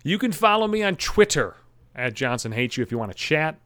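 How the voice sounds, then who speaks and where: A man rants on his podcast, swearing in nearly every line as his exasperation builds. His voice sits a little higher than most men's. The sound is dry and close, with no room behind it. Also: sing-song, a little fast, a bit bright, no echo. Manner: swears constantly, ranting and exasperated. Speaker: podcast host. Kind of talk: profane comedic rant. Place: at home.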